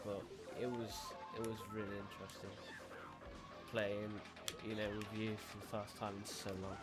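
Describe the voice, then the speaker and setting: A man's voice: on the low side, level tone, moderate pace, over loud music. A young man streaming and chatting casually while gaming, laid-back and rambling, often restarting his sentences.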